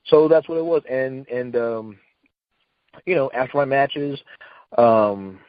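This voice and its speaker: A man's voice: medium pitch, takes it slowly, no room sound, lo-fi sound. A middle-aged man telling an old story in a casual, rambling way, full of fillers and restarts, acting out what people said. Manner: rambling, many fillers and restarts, acts out quotes. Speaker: retired wrestler guest.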